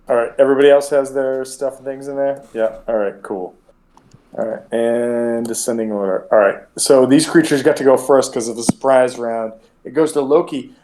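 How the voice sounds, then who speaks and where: Male game master, mid-pitched, loose and rambling delivery, keeps restarting sentences. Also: dark tone. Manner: casual, rambling with frequent restarts. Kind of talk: narrating a tabletop game.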